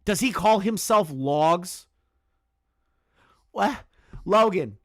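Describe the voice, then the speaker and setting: A man's voice: sits high, animated, extremely slow. A man doing casual reaction commentary, sarcastic and mocking, swearing often and restarting with fillers. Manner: filler-heavy, repeats words when restarting. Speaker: commentary YouTuber.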